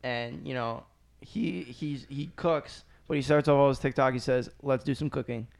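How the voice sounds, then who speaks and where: Gravelly young man telling stories. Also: mid-range voice, moderate pace. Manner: loose, profane storytelling. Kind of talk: casual chat.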